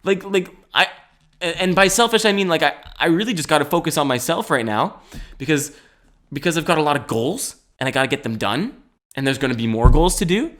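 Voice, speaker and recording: A man's voice: fairly high pitch, a bit bright. Rambling, jokey young man. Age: 20s. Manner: rambling and jokey, laughs often, swears casually. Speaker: podcast host. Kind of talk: solo comedic podcast monologue.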